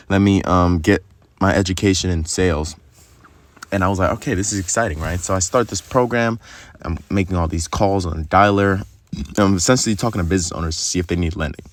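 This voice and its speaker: A man's voice: deep voice, no echo. A young man telling a long, rambling story in casual, profane vlog talk, full of fillers.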